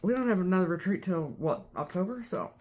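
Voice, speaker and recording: Woman co-host, lower voice, casual chat, playful interjections, quick reactions. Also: animated, a little mellow. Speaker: podcast co-host. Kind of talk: casual chat about cross-stitch.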